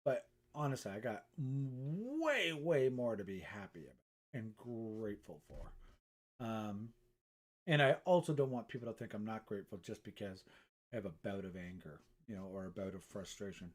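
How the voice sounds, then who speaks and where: A man's voice: fairly low pitch, sing-song, moderate pace. A middle-aged man, a painter, chatting casually on a live stream from his art studio, rambling and self-mocking and swearing freely.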